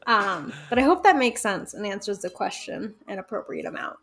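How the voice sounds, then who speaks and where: A woman guest in a casual interview, talking in a lively, chatty way with frequent laughs and fillers. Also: mid-range voice, normal speed, vocal fry, faint music behind. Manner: animated, chatty, laughs often, many fillers. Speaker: guest, folk magic practitioner.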